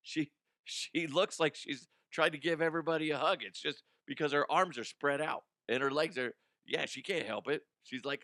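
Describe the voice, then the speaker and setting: A man's voice: on the high side, normal speed, sharp tone, no echo, clean studio sound. A young adult man hosting a comedy news podcast, ranting casually with swearing, laughter and mocking put-on voices.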